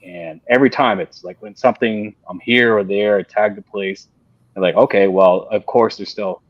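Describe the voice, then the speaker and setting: Low-voiced guy on a panel chat, lots of ums and restarts, dull dry lo-fi audio. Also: steady tone, dry recording. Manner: halting, repeats words, many fillers. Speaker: panel guest. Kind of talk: casual panel discussion.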